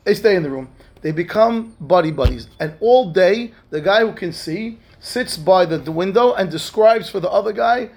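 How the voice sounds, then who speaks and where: A man's voice: high voice, lively intonation, normal speed, darkish tone. A man, a rabbi, telling a story in a lesson and acting out the characters' lines in raised voices. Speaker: rabbi teaching a class.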